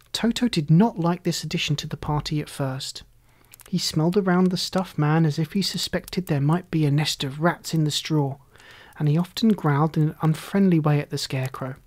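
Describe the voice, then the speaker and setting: A calm, measured storyteller reading aloud from a storybook. The voice sits at a middle pitch and moves along steadily, unhurried and plain. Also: dry recording. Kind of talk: storybook narration.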